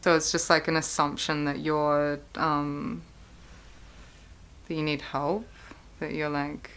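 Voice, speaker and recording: A woman's voice: low-pitched, little pitch movement, takes it slowly, a bit bright, clean tone. A woman speaking plainly about her own experiences in an interview. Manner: plain, matter-of-fact. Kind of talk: personal testimony.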